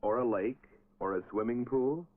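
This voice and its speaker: A man's voice: mid-range voice, moderate pace, natural voice. An actor playing a grown man who quizzes children in an old film, with an instructive, questioning manner. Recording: tinny old film soundtrack.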